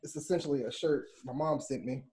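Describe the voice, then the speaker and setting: A man from the United States, a podcast guest, telling stories in casual chat and acting out the quotes with lively energy. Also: medium pitch, brisk, breathy edge. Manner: animated storytelling with acted-out quotes.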